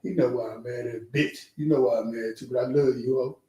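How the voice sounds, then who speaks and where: Animated man talking in an echoey room. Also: mid-range voice, fast. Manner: animated storytelling, repeats words, heavy cursing. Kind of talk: casual street talk.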